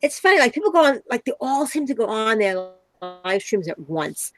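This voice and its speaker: A woman's voice: on the high side, big pitch swings, moderate pace, soft background music. A woman chatting as a guest on a casual live stream, giggly and bubbly.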